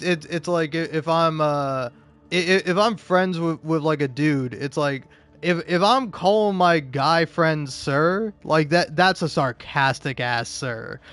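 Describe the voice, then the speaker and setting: A man's voice: a little high, fairly bright tone, clean tone. A drunk man rambling profanely in casual gaming commentary, full of restarts and fillers. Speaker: gaming YouTuber.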